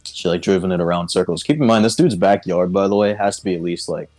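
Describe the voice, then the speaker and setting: A man with a very low voice rambles through a long, loose anecdote on a podcast. He swears freely and keeps breaking into laughter as he tells it, with faint music just audible behind him. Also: fast talker, darkish tone. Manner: profane, laughing through his story. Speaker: podcast co-host. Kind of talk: casual storytelling chat.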